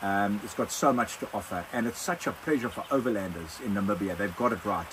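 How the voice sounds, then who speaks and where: A man's voice: fairly low pitch, quick pace. Older man, South African accent, casual Q&A, rambling, repeats himself, phone mic, faint background noise. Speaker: overlanding vlog host. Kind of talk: casual Q&A chat. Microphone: phone propped on a wine box.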